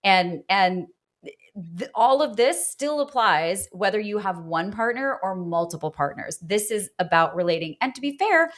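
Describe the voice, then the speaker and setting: A woman hosting a podcast, talking through relationships in a casual, animated way with lots of fillers. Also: mid-range voice, normal speed. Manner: animated, rising into laughter, chatty with fillers. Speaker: podcast host. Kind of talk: casual interview chat.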